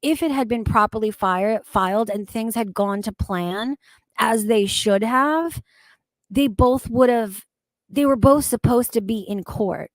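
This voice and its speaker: A woman's voice: on the high side, measured pace, dry recording. A woman co-host earnestly explaining her view in casual chat.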